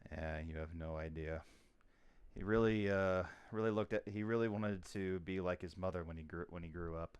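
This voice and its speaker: A man playing a gentle widowed father in a tabletop game, speaking low and softly. He stops and restarts a lot and apologizes, and his tone stays smooth and resonant. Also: fairly even intonation, lo-fi sound, lightly acted. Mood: apologetic. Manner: soft-spoken, apologetic, halting.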